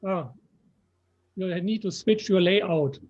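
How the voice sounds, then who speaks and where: German guy walking someone through software, slow, high voice, dull call audio. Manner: patient step-by-step instructions. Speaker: software presenter. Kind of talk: explaining software on a video call. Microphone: video call.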